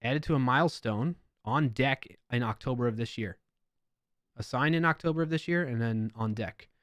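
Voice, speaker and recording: A man with a New York accent hosts a live stream in a relaxed, chatty way, reading comments with playful emphasis. His voice sits mid-range, recorded close and dry with no room sound. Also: medium pitch, moderate pace, dry recording.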